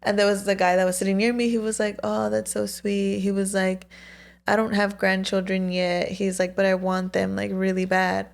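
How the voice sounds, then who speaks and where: A woman in her twenties with a gravelly, fry-edged voice, chatting casually on a podcast. She tells stories in long runs, packed with fillers and swearing. Her pitch sits in a middle range. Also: flat delivery, moderate pace. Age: 20s. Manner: storytelling with frequent swearing and fillers. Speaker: podcast co-host. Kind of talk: casual chat.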